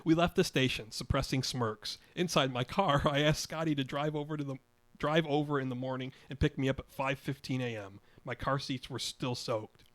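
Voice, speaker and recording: A man's voice: medium pitch, normal speed. An older man in his eighties reading his own memoir story aloud, wry, chuckling now and then. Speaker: podcast storyteller.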